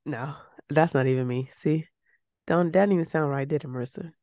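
A woman co-hosting a podcast in casual chat, animated and emphatic, her voice leaping up when she makes a point. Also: sits low, fast talker, dry recording, studio quality. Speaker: podcast co-host.

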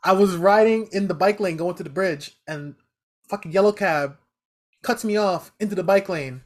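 Animated, profane New man telling stories. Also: high-pitched, moderate pace. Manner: animated, profane storytelling with laughs. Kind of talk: casual storytelling chat.

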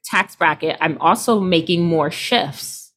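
A woman in her thirties, a healer, chatting casually and acting out quoted people with lively swings in her voice. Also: unhurried, husky. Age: 30s. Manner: expressive, acts out quoted people with big pitch jumps. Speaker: guest, healer. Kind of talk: casual podcast conversation.

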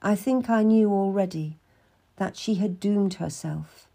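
Gravelly-voiced woman narrating a story. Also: mid-range voice, measured pace, warm tone. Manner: earnest, emotive reading. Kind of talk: first-person storybook narration.

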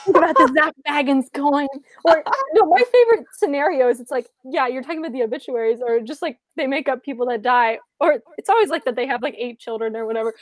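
A woman's voice: high-pitched, lively intonation, fast talker, few pauses, a little mellow, no echo. A woman in a casual podcast chat who laughs often and acts out little scenes. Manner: giggly, acts out bits in funny voices. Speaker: podcast co-host.

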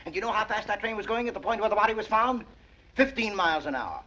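An actor playing a fast-talking, scornful insurance claims man who lectures in a rapid, list-reciting tirade, heard from a dull old film soundtrack. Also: sits high, expressive, bright, forceful tone, full character voice. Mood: lecturing.

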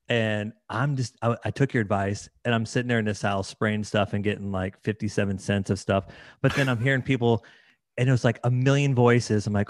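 A man's voice: medium pitch, fairly quick, dry recording, clean studio sound. A man hosting a casual interview, enthusiastic and often restarting his sentences. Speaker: podcast host.

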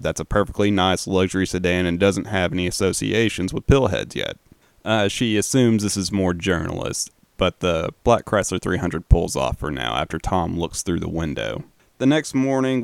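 A man giving a casual, relaxed film commentary, swearing now and then. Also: low voice, vocal fry, smooth, dry recording. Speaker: film recap host.

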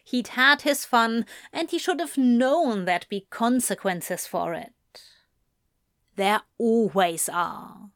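A woman narrates a story slowly and evenly, her voice pitched a little high. The recording is dry and close, with no room around it. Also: fairly bright tone, dry recording. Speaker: audiobook reader. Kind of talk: scripted narration of fan fiction.

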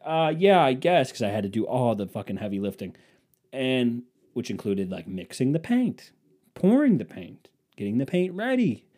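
A man's voice: medium pitch, very animated, moderate pace, mellow. A man hosting his own podcast, delivering a profane, sarcastic, rambling comedic rant. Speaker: podcast host. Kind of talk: casual comedic monologue.

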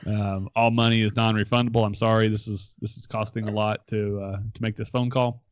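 A man's voice: lowish voice, little pitch movement, a little fast, clean tone, no echo. A man hosting a casual talk show, steering the segment and teasing his co-hosts. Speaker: host. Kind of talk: casual radio chat.

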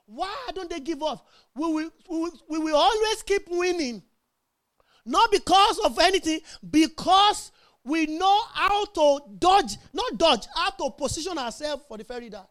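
A middle-aged woman preaches with a strikingly high voice. She stresses her points and keeps checking in with the congregation, asking if they are with her. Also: animated, moderate pace. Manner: emphatic, call-and-response with congregation. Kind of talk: sermon.

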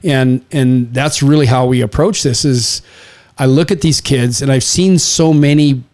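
A man's voice: mid-range voice, a little slow, a little mellow. A man in his sixties, a father of young children, telling stories in casual chat and acting out what people said. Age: 60s. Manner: rambling storyteller, acts out quotes.

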